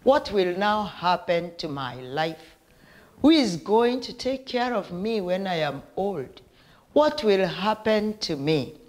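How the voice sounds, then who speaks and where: A woman preaching a sermon at a deliberate, unhurried pace. Her voice sits at a middle pitch. She leans into emphatic declarations and prayers spoken straight to the listener. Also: sing-song, a little mellow.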